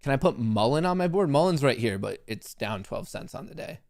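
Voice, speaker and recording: A man's voice: medium pitch, animated, brisk, creaky, a little mellow, dry recording, clean studio sound. A man hosting a live stock market stream, chatting in a joking, rambling, self-mocking way.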